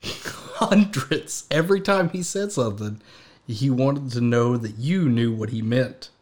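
Man, mid-pitched voice, podcast guest, joking banter, casual chat. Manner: joking, animated banter, quick to laugh.

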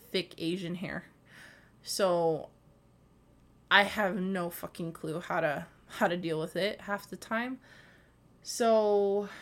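A woman's voice: on the low side, a bit bright. Young woman, solo podcast host; loose, rambling delivery, filler-heavy, swears casually.

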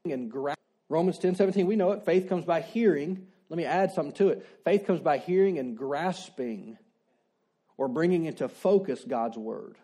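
A male pastor delivers a sermon in a relaxed, talky way at a moderate pace. His voice sits a little high but stays soft and mellow, and he keeps asking the congregation rhetorical questions while restating his main declarations.

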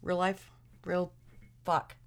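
A woman's voice: on the low side, completely flat delivery, slow pace. A woman co-hosting a podcast in casual chat, blunt and swearing constantly while she hunts aloud for names. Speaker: podcast co-host.

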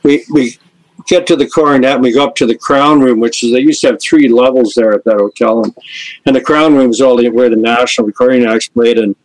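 Older man telling lively road stories. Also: medium pitch, fairly quick, rough recording. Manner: lively storyteller who acts out the people in his stories. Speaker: guest musician, lead singer. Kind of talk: anecdotal storytelling in a podcast interview.

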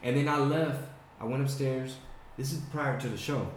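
A man chatting casually and telling stories, swearing often and animated. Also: mid-range voice, moderate pace, slight background noise. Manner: profane, animated storyteller. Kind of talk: casual chat. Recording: echoey room.

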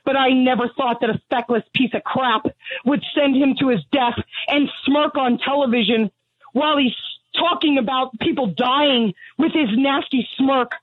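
A woman's voice: high voice, normal speed, husky, no room sound. A middle-aged woman calling in to a radio show, angry and blunt, out of breath from pacing. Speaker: caller. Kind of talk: call-in radio conversation. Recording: tinny phone line.

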